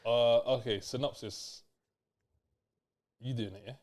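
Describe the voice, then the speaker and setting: A man's voice: medium pitch, fairly even intonation, a little slow. A young man co-hosting a film review podcast in casual chat, easygoing and teasing.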